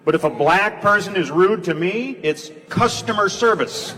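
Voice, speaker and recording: Male stand-up comic, slightly high voice, punchy one-liner delivery; echoey theater, loud noise. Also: expressive, normal speed. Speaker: stand-up comedian. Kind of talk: stand-up comedy set. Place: large theater stage.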